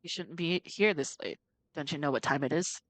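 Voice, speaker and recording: Older male janitor, gruff and folksy, put on by a woman reading a game. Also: low-pitched, moderate pace, no echo, pitched below the performer's own voice, lightly acted, rough recording. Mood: stern.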